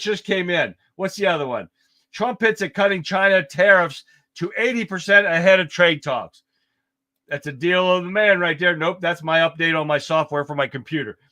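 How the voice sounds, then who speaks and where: Man, livestream host, casual chat, bright tone, slightly high voice. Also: no echo, studio quality. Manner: chatty, laughs easily, addresses viewers. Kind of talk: casual live-stream chat.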